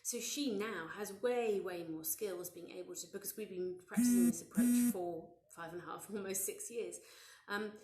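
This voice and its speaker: A woman in her thirties giving a live parenting session, gentle and conversational, with many fillers and restarts. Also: medium pitch, moderate pace, echoey room. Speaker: parenting educator.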